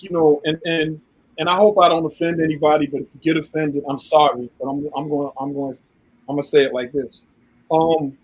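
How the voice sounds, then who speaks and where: Husky man telling stories on a live show. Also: a little high, low-quality recording. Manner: talks in long stories, quotes others in a raised voice. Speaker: co-host. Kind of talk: casual live-stream chat.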